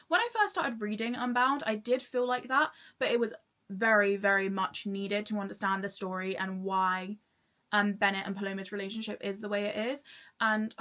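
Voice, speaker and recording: An excitable young woman rambles through a casual book review. Her voice sits a little high and sounds bright and forward. She trails off and restarts as she gushes. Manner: gushing, excitable, rambling with fillers and laughs. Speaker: book vlogger.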